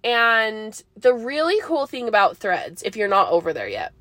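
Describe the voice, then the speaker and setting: Young woman, podcast host: chatty, rambling, giggly, slightly high voice, dry close sound. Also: very animated, normal speed, a bit bright, dry recording. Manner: rambling, bubbly, laughs often, many likes and ums. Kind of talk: casual solo podcast chat.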